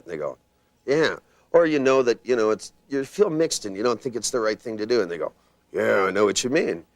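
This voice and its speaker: Animated older man teaching a seminar. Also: mid-range voice, fast talker, no room sound. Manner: rambling, anecdotal, acts out people's voices. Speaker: seminar trainer.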